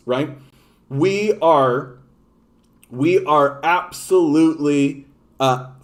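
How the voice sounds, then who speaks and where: Canadian guy ranting about politics on a stream, swears a lot, repeats himself. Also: on the high side. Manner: blunt, profane, repeats himself. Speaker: political commentator. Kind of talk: casual livestream commentary.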